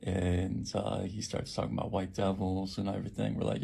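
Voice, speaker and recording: Gravelly, very raspy man. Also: low-pitched, little pitch movement, mellow. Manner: halting, many fillers and restarts. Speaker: homeless shelter worker. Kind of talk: personal account of an attack.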